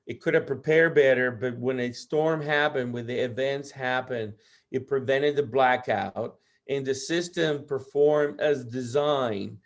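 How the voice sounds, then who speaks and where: A man hosting a roundtable discussion, speaking haltingly with many fillers. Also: mid-range voice. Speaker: host.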